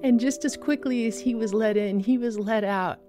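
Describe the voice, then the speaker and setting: A woman telling a personal faith story as a guest, earnest, with pauses and restarts. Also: fairly high pitch, warm tone, soft background music.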